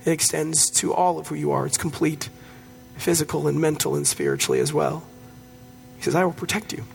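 A man's voice: a little high, huge pitch swings, fairly quick, gravelly, faint music behind. A man preaching a sermon as pastor, in a conversational storytelling way with touches of humor.

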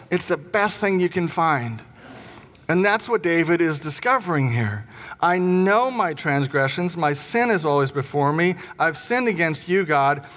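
Storytelling pastor, echoing hall. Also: male voice, a little high, fairly bright tone. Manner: storytelling, acts out quotes. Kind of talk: sermon. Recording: long hall reverb.

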